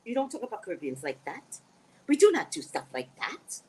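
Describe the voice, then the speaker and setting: A woman's voice: mid-range voice, a little fast, slight background noise. A woman hosting a casual live stream, reading viewer comments aloud and answering them in a blunt, joking way. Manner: blunt, joking, lively, laughs often.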